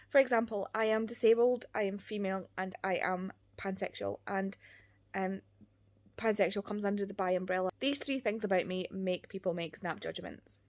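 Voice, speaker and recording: Earnest young Scottish woman book vlogger, mid pitch, rambling casual delivery. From Scotland. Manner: earnest, rambling, many "like" fillers. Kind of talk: casual chat.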